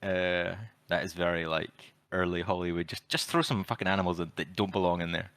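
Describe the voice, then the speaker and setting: A man's voice: sits low, fairly even intonation, a little fast, fairly bright tone, no echo. A man co-hosting a podcast, reviewing a film in casual chat, swearing often and laughing as he retells scenes. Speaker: podcast co-host.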